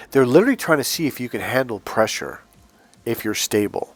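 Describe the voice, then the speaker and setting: A man's voice: mid-range voice, expressive, fast talker. A man coaching on dating in a casual, blunt monologue, swearing freely and acting out quoted voices. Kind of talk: casual direct-to-camera monologue.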